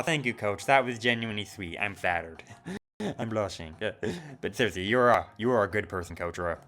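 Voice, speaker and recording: A man's voice: on the low side, animated, a little fast, fairly bright tone, soft background music. A man streaming a video game, chatting casually and reading the text aloud. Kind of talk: let's play commentary.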